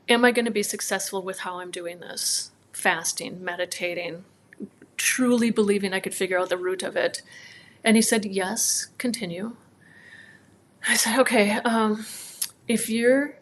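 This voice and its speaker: A woman's voice: medium pitch, a little hiss or hum. Heartfelt woman telling a personal story. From northern Minnesota, USA. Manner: animated storytelling, acting out quoted dialogue. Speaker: guest, chiropractor.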